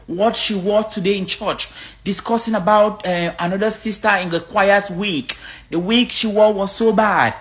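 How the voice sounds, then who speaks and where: A woman from Africa speaks straight to her viewers in a casual vlog. Her talk is blunt and outspoken, and her pitch swings a lot from line to line. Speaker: vlogger.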